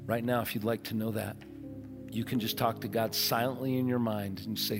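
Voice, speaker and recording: A man preaching a sermon as pastor, earnest and emphatic, softening into a quiet prayer. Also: fairly low pitch, steady tone, moderate pace, over music. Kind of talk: sermon with altar call. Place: large church auditorium. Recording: long church hall reverb.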